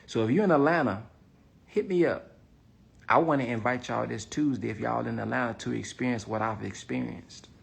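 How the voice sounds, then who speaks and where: A man's voice: medium pitch, a little fast, gravelly, breathy edge. A man talking casually to camera as an online business coach, reflective and emphatic, sometimes dropping to a near whisper. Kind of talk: casual motivational vlog talk.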